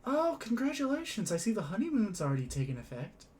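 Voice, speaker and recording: A man voicing a portly drow with a shrill, mocking voice. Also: huge pitch swings, quick pace, a little mellow. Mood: sardonic.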